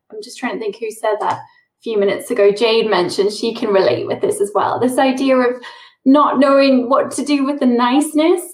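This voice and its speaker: Encouraging woman host in a roomy space. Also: fairly high pitch. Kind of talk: casual chat. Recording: roomy echo.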